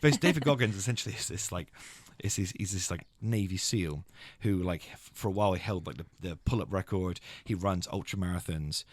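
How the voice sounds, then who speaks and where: A man's voice: brisk, few pauses. A man in his thirties hosting a podcast in a studio, chatting casually in a rambling, self-mocking way. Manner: rambling, self-mocking, jumps into high silly impressions. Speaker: podcast host. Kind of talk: casual chat.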